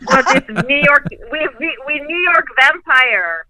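A woman telling stories as a guest on a video call, animated and profane, laughing often. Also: sits high, measured pace, low-quality recording. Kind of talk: casual storytelling chat.

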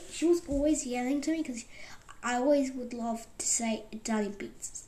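A woman around twenty rambling excitedly in a casual vlog, jumping between loud outbursts and whispers. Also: fairly high pitch, normal speed. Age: about 20. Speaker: vlogger.

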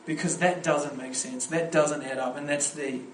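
At a youth camp, a young pastor tells lively stories in his sermon at a moderate pace, often starting phrases over. His voice is slightly higher than typical for a man, and the echoey room adds faint ambience plus a little hiss or hum.

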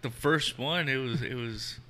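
Soft-spoken male guest over loud noise. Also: mid-range voice, measured pace. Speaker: podcast guest, longtime listener. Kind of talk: casual group chat.

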